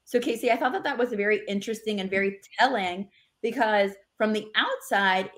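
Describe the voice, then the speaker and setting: A woman co-hosting a sports podcast, talking in a casual, animated way. She reads quotes aloud and keeps the chat moving, with a voice of middling pitch. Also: brisk.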